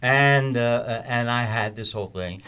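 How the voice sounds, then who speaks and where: A man's voice: medium pitch, normal speed, sharp tone, clean tone. Older male host, easy storytelling. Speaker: podcast host. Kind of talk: casual chat.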